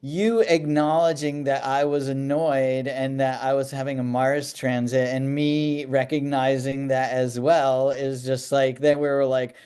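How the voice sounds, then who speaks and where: This is an easygoing man joining a casual podcast conversation, with a laugh never far away. His voice is warm and relaxed and sounds smooth and resonant, and it sits at a middle pitch. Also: unhurried, hardly any pauses.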